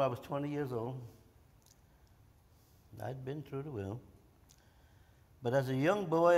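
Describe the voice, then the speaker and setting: Elderly man in his nineties, plain mid pitch, halting storyteller, hall reverb. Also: darkish tone. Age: 90s. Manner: halting, with many fillers and restarts. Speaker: war veteran guest. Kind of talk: storytelling interview.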